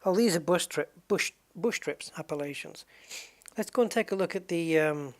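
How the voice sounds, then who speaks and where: Man, gameplay commentator, rambling, chuckly, thinking out loud, desk mic. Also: fairly high pitch, moderate pace. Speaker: gaming channel host.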